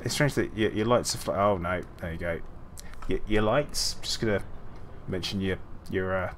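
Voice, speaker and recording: A man with a low-pitched voice streams a game and chats casually as he plays, at a moderate pace. He rambles, corrects himself and laughs often, with a little hiss or hum in the recording.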